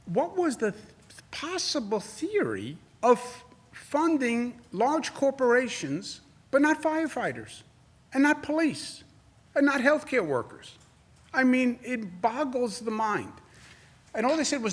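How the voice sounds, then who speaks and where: A man's voice: high voice, big pitch swings, a little slow, a bit bright. Combative New York man at a podium. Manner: combative, repeats phrases for emphasis, rising indignation. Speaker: governor giving press briefing. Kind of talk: press conference answers.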